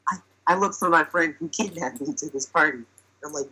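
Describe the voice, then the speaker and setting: Bright, husky young man telling a story. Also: fairly high pitch, a little fast, low-quality recording. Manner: chatty, filler-heavy, acts out quoted lines. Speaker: podcast storyteller. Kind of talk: casual comic storytelling.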